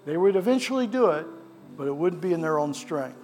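A male pastor delivering a sermon and prayer in a church sanctuary. His voice sits a bit high, and he preaches with a fervent cadence, repeating his phrases for emphasis. Soft music plays faintly underneath. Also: animated, fairly quick.

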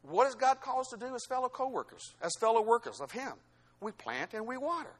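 A male pastor preaching a sermon, swinging between loud exhortation and quieter teaching asides. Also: very high-pitched, very animated, fairly quick.

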